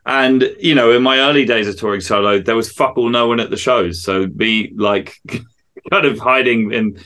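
A man who is a musician guest in a casual interview, talking in animated stories and swearing freely. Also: mid-range voice, normal speed.

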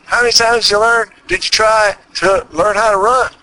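A man's voice: high-pitched, fairly even intonation, moderate pace, sharp tone, poor audio. A man with a Texas accent hosting a motivational podcast, talking earnestly and folksy, with lots of repeated rhetorical questions. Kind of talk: motivational monologue.

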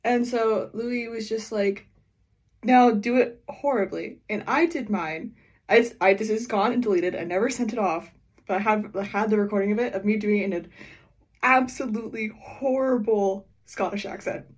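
A woman's voice: medium pitch, normal speed, husky. A woman, a voice actor, telling a funny recording story in a casual, teasing way. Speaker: voice actor in cast Q&A. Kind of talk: casual chat.

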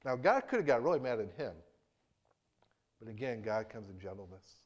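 A male preacher delivers a sermon at an average pitch, talking conversationally rather than orating. He drops to a hush for gentle points and rises with emphasis for dramatic ones, with restarts along the way. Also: big pitch swings, normal speed. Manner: conversational, with restarts and quoted dialogue, swinging between hushed and emphatic.

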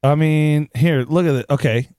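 A man's voice: a little high, moderate pace, darkish tone, dry recording, clean studio sound. A man co-hosting a podcast, chatty and easily amused. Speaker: podcast co-host. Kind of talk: casual chat.

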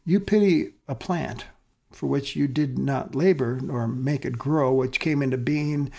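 Gentle patient God, calm questioning tone, voiced by a preacher. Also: male voice, medium pitch, a little slow, gravelly.

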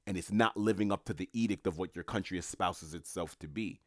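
A man's voice: sits low, a little fast, a bit bright, no room sound, clean studio sound. A middle-aged man talking casually to his viewers in a rambling, musing way with mocking asides. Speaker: commentator.

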